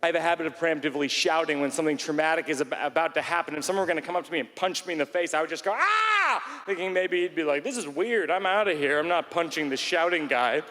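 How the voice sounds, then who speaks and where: A man telling a stand-up story in a rambling, self-mocking way, now and then bursting into shouts, on a theater stage. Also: a little high, very fast, hardly any pauses. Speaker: stand-up comedian. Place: large theater stage before a live audience. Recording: live hall recording with faint room noise.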